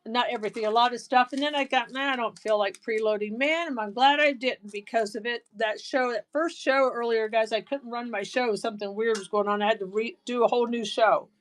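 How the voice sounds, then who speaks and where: A woman hosting a live-stream jewelry auction, chatty and excitable, gushing over each piece. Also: a little high, fairly quick, hardly any pauses. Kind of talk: live auction selling chat.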